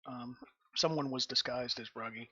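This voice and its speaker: A man playing in a tabletop game, speaking his character's lines in a brisk, matter-of-fact way on a dull, lo-fi microphone. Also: medium pitch, fairly even intonation, crowd noise. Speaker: player.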